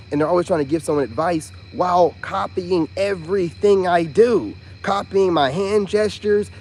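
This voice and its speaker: A man's voice: sits high, darkish tone, a little hiss or hum. A man ranting indignantly in a casual monologue, repeating himself and firing rhetorical questions, with mocking asides. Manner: mocking imitations of others. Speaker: vlogger and self-styled spiritual teacher.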